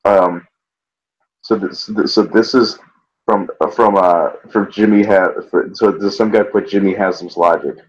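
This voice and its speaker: A man co-hosting a casual sports podcast, telling animated stories with frequent swearing and stammered restarts. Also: low voice, a little slow, breathy edge, highs cut off. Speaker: podcast co-host.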